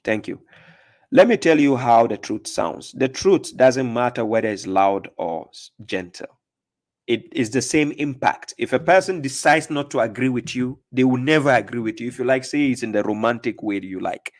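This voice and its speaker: A man's voice: mid-range voice, animated, normal speed. A man hosting a call-in religious debate, lecturing assertively and acting out examples. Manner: assertive, lecturing, acts out examples with sudden shouts and whispers. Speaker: host.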